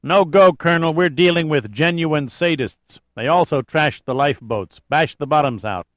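A man's voice: fairly high pitch, moderate pace, no room sound, pitched above the performer's own voice, natural voice. A man voicing a blunt male army major reporting by radio in clipped military talk.

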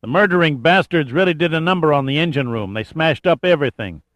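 A man's voice: a little high, animated, fast, fairly bright tone, dry recording, pitched above the performer's own voice. A man voicing a blunt male army major reporting by radio in clipped military talk.

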